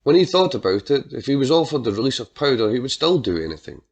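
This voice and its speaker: A man reading a dark crime story aloud as narrator, measured and dramatic. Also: medium pitch, big pitch swings, breathy edge. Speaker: audiobook narrator.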